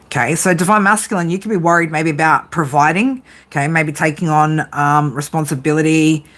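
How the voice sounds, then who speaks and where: A woman's voice: sits low, fairly even intonation, brisk, fairly bright tone. A woman doing a casual live tarot reading, teasing her viewers and swearing freely as she talks through the cards. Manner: teasing, profane banter with viewers. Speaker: psychic tarot reader.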